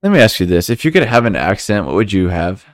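A young man from the United States co-hosting a podcast, talking in a relaxed, rambling way with frequent fillers and laughs. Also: on the low side, fast talker. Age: young adult. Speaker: podcast co-host. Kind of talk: casual chat.

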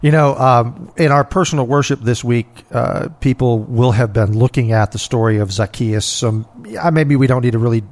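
A man's voice: medium pitch, moderate pace, hardly any pauses, darkish tone. A man co-hosting a casual Bible discussion, retelling a scene and acting out the crowd's voices. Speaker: co-host.

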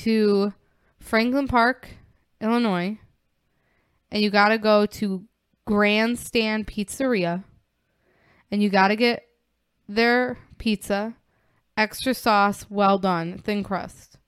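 Emphatic woman from Chicago, clear voice. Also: mid-range voice, takes it slowly, pauses often, dry recording, clean studio sound. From Chicago area. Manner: emphatic, animated storyteller. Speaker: podcast co-host. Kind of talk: casual chat.

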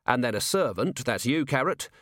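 A man voicing a gruff, sharp-minded male watch commander who questions in a brisk, impatient way. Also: medium pitch, very animated, no room sound, clean studio sound. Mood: probing.

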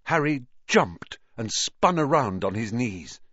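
Slow, expressive male audiobook reader. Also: mid-range voice, husky, dry recording, muffled recording. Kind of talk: storybook narration.

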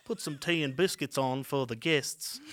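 A man's voice: mid-range voice, normal speed, a bit bright, natural voice. A man doing a fussy mock-British host. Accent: mock British, drifting.

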